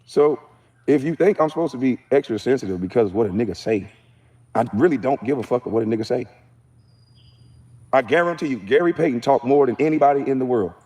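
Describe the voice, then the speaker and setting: A man's voice: mid-range voice, expressive, fairly quick, dark tone. A man in a played clip telling his side of a story bluntly and dismissively. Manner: blunt, dismissive, matter-of-fact. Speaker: former athlete in a played clip. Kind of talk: defiant storytelling.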